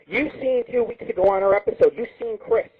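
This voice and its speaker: A man's voice: high voice, a little fast, husky. A man hosting an internet radio show, ranting crudely and rambling with constant swearing. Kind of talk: profane comedic radio rant. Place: home radio studio. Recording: tinny phone-like lo-fi stream.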